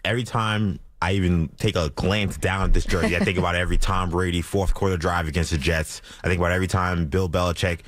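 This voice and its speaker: A man from Queens with a low voice lays on a dramatic, mock-mournful lament. The sound is dry and close to the mic. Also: steady tone, fast talker, hardly any pauses, no echo. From Queens, New York. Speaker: executive producer. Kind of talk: casual radio chat.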